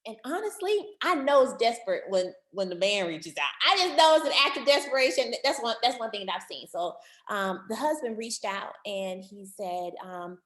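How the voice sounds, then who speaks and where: A woman marriage counselor giving an online workshop talk, animated and repeating words for emphasis, calling her listeners family. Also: mid-range voice, normal speed, hardly any pauses, echoey room.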